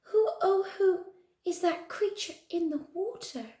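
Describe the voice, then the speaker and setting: Storybook part: a woman playing a meek little dinosaur boy, high and sing-song, roomy sound. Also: a little slow, dark tone. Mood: plaintive. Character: gentle little male dinosaur, soft-hearted.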